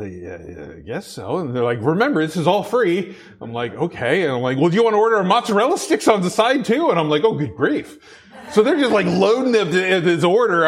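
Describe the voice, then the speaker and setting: A man delivering a sermon at a middle pitch, drifting into a long, rambling anecdote full of restarts. As he returns to scripture his voice climbs and he presses his points with growing emphasis. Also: breathy edge. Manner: rambling storyteller, many restarts, rises in pitch when preaching. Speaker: preacher.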